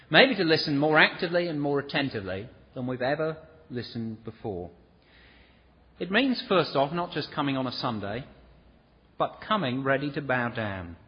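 A man's voice: medium pitch, husky. A man preaching a sermon in a church, earnest and pleading, sometimes acting out the people he quotes. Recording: dull lo-fi recording with long hall reverb.

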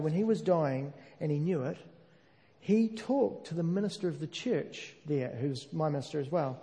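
A man preaching a sermon, earnest and emphatic, slowing down to stress key phrases. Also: high-pitched, dark tone. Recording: long hall reverb.

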